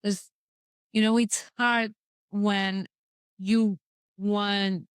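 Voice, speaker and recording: A woman host asks her questions slowly, pausing to search for words. Her voice is smooth and clear. The recording is dry and close. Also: mid-range voice, little pitch movement, no room sound. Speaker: podcast host. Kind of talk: interview question.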